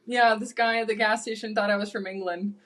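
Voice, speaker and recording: A woman's voice: mid-range voice, fairly even intonation, fairly quick, fairly bright tone, slight background noise. A woman with a Michigan accent hosting a podcast interview in a loose, playful, laughing way. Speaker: podcast host. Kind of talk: casual interview chat.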